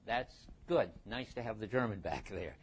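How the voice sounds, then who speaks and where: Older man lecturing, halting and musing. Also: on the low side, expressive, husky. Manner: halting, restarts and thinks aloud. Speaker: philosophy lecturer. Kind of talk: university lecture.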